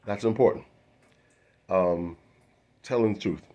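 A man's voice: fairly low pitch, unhurried, mellow, dull audio. A man doing a loose stand-up monologue to camera, full of fillers, restarts and asides. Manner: loose, self-interrupting, many fillers and restarts. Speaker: comedian.

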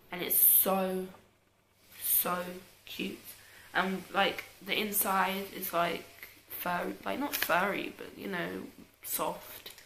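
A woman's voice: mid-range voice, bright, forceful tone, a little hiss or hum. Chatty young British woman, echoey room. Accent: British English. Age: young adult. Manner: chatty, self-mocking, trailing off into mutters. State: tired. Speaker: YouTuber. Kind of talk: casual clothing haul.

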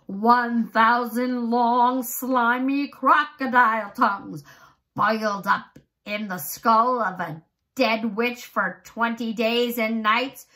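A woman's voice: lowish voice, big pitch swings, unhurried. A woman whispering as a creepy old man. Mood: wild excitement. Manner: hushed whisper, bursting into wild cries.

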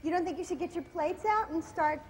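A woman co-hosting a comic cooking show in a studio kitchen, teasing her partner and reading jokes aloud in a drawn-out way. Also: very high-pitched, darkish tone. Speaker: co-host. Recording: hall reverb with faint noise.

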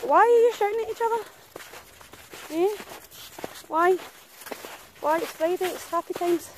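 High-voiced chatty woman walking dogs. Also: measured pace, slight background noise. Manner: chatty, teasing, calls out to dogs, laughs often. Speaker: professional dog walker. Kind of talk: casual vlog narration while walking dogs. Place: outdoors in snowy muddy countryside.

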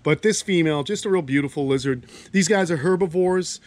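A man's voice: on the high side, fairly quick, a little mellow, no room sound. A man hosting a casual vlog outdoors among animal enclosures, easygoing and chatty, talking to his reptiles as he goes. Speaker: reptile keeper and channel host.

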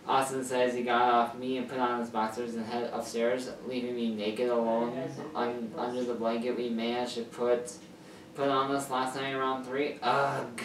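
A channel host rambles through a fan story he's reading aloud, filling it with fillers, stumbles and corrections. His mid-range voice shows little pitch movement at normal speed; the distant camera mic picks up room echo and a little hiss or hum.

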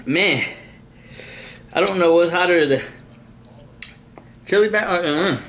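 A man's voice: high-pitched, a little slow, fairly bright tone, slight background noise. A man vlogger in casual chat, competitive and counting down the time in an eating challenge. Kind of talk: casual chat during a hot wing challenge.

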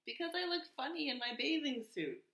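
A fussy, bashful male toad from a children's storybook, talking in a plaintive, slow way, as a woman reads him aloud. The voice has a gravelly edge and swoops up and down, and it rings in an echoey room. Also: high voice, lively intonation, fairly bright tone, pitched above the performer's own voice, full character voice. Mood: fretful.

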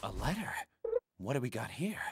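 A man voicing a brash young male assassin in video game cutscene dialogue, muttering in a low, offhand way. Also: sing-song, moderate pace, vocal fry, noisy background. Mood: wry.

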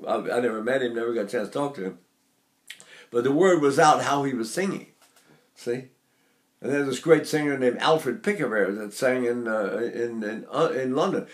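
An older man teaching singing, talking in a rambling, anecdotal way and breaking off to demonstrate sounds. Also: medium pitch. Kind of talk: spoken singing lesson.

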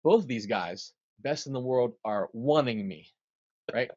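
A man's voice: mid-range voice, unhurried, no room sound, highs cut off. A man, a drummer, telling a story in an interview and acting out the quotes. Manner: animated storyteller, acts out quotes.

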